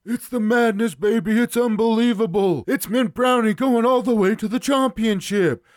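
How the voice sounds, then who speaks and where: Brief: over-the-top older hoops announcer, voiced by a man doing an impression, loud and excitable, much higher than his own voice. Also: normal speed, no echo, clean studio sound, close to an everyday voice. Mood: hyped. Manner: shouting, excited hype. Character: loud hyped-up older male basketball commentator.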